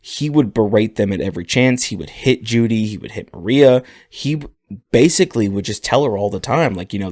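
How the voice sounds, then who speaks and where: A man co-hosting a podcast, telling a story in a relaxed, casual way. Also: on the low side, fairly quick, no room sound. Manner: relaxed storytelling, laughing often. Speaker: podcast co-host.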